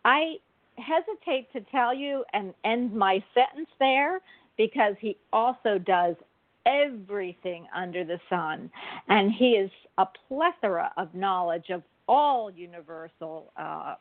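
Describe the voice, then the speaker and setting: A woman hosting a casual talk show with gushing, theatrical enthusiasm. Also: medium pitch. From United States. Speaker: show host. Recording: tinny phone-like audio.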